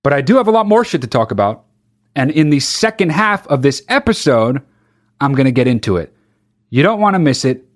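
A man hosts a casual comedy podcast, his pitch swinging widely as he rants. He swears freely and reads the article in a mocking, sarcastic tone. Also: sing-song, fairly quick. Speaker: podcast host.

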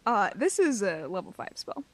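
A woman's voice: mid-range voice, sing-song, moderate pace. A woman playing a tabletop game, chatting playfully and laughing often. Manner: giggly, playful. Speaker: player. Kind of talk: casual game chat.

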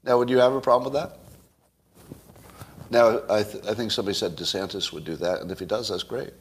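A man's voice: a little fast, husky. A man hosting a solo commentary show, arguing his point in a conversational way and putting questions to his audience. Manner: wide swings in pitch and loudness.

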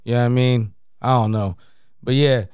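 A man's voice: medium pitch, fairly even intonation, unhurried, a little mellow, clean tone, dry recording, clean studio sound. A man telling a story in casual podcast chat, slangy and profane, filling his talk with "you know what I mean.". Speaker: podcast co-host.

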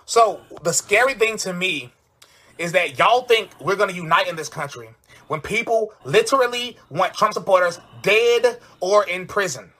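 Man, bright sharp high voice, aggrieved livestream rant. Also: lively intonation, normal speed. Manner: indignant, complaining, thanks donors. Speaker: rapper speaking on a livestream.

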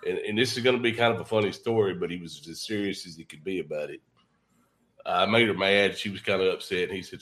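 Brief: male co-host, lowish voice, folksy, rambling storyteller. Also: quick pace, a bit bright. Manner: folksy, rambling, restarts his sentences. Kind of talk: casual podcast storytelling.

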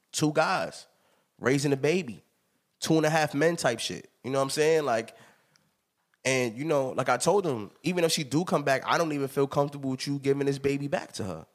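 A man in his thirties hosting a podcast, telling stories in an emphatic, animated way with plenty of laughter. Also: mid-range voice, moderate pace. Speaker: podcast host. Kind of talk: casual chat.

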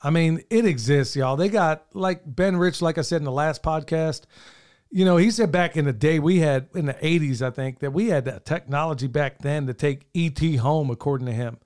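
A man's voice: a little high, normal speed, darkish tone. A middle-aged man, co-hosting a podcast in earnest, rambling casual chat, his voice wearing thin. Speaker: podcast co-host.

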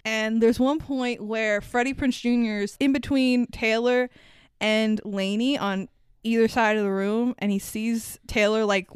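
Podcast co-host, female, animated and profane, crisp dry sound. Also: medium pitch, dry recording. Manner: animated, profane, laughs often. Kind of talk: casual movie review chat.

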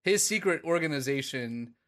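A man's voice: a little high, expressive, moderate pace, fairly bright tone. Casual rambling man chatting. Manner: rambling, swearing, laughing often. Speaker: podcast co-host. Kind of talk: casual chat.

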